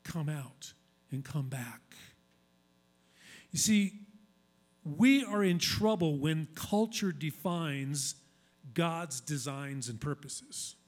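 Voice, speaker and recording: A man's voice: on the high side, lively intonation, extremely slow, pauses often. A male pastor giving a sermon in a conversational, emphatic style, repeating key phrases for weight.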